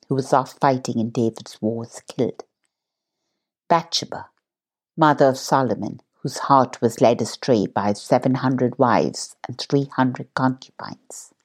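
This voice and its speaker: A woman hosting a guided Christian meditation, speaking in a slow, calm and measured way. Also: very deep voice. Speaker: meditation host.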